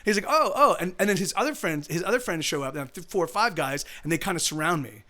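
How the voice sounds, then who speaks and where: A man's voice: on the high side, lively intonation, quick pace, pushed and bright. A young man hosting a livestream, telling a long story casually, with many restarts and quoted lines. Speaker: livestream host. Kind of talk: casual chat.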